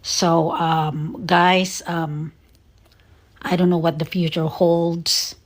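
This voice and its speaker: An American woman talking earnestly and sadly to her viewers, halting with many fillers and close to tears. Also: on the low side, little pitch movement. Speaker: vlogger. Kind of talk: casual emotional monologue to viewers.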